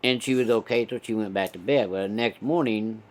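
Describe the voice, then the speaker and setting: A man's voice: lowish voice, fairly quick. A man spins a casual tale. His delivery is folksy and laid-back, with plenty of swearing. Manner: folksy, profane, laid-back drawl of a storyteller. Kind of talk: casual storytelling.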